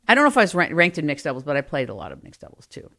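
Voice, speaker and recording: A middle-aged woman telling family stories in an animated, self-mocking way, swinging from quiet asides to loud bursts. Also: sits low, very fast. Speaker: storyteller. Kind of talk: personal storytelling.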